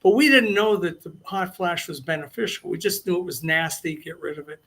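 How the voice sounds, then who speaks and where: A man's voice: high voice, fairly quick, vocal fry, a bit bright. An older man telling long anecdotes as an interview guest, rambling and restarting his sentences. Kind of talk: casual storytelling interview.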